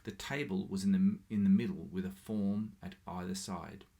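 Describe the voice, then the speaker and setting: A man reading a short story aloud in a steady, measured way. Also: low-pitched, vocal fry. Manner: steady, measured, with small slips. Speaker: reader.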